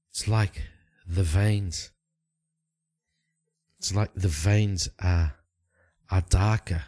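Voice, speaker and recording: A man's voice: sits low, a little mellow, exaggerated voice. A man voicing a dying male elf informant who speaks in urgent, breathless bursts.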